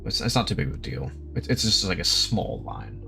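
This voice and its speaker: A man's voice: sits low, big pitch swings, brisk, vocal fry, bright, forceful tone, soft background music. A man streaming live, chatting casually while he draws. He rambles, laughs often and swears freely.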